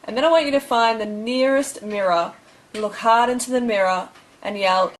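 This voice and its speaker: A young woman delivers blunt, bossy, tough-love advice to her viewers in a motivational vlog. Her voice sits a little on the high side. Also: normal speed, poor audio. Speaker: vlogger giving advice.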